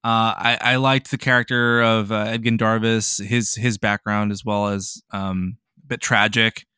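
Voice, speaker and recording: A man's voice: lowish voice, little pitch movement, measured pace, bright, forceful tone, clear, resonant tone, dry recording, clean studio sound. A man co-hosting a podcast, chatting casually with profane, laughing enthusiasm. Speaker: podcast co-host. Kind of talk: casual chat.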